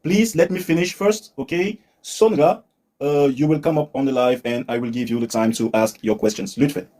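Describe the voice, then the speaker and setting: A man teaching English on a live stream, patient, repeating words slowly and mixing in Turkish for his learners. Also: fairly high pitch, warm tone. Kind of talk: live-stream language lesson.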